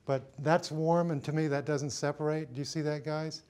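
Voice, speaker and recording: A man's voice: fairly high pitch, steady tone, normal speed, darkish tone. A middle-aged man teaching a cinematography workshop, thinking aloud with many fillers and restarts as he sets lights in a studio. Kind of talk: hands-on lighting demonstration.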